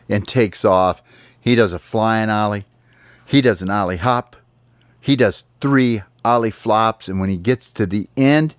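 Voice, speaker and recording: Dad narrator, lowish, animated storyteller, dry close sound. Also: male voice, no room sound. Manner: animated, with sound effects and sighs. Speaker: father telling a story. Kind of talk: bedtime storytelling.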